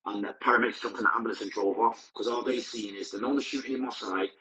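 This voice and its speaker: A man's voice: lowish voice, steady tone, fast, bright, forceful tone, echoey room, poor audio. Blunt man telling his story. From Manchester, England. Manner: candid, vivid, blunt present-tense recounting. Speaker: podcast guest. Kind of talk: personal storytelling.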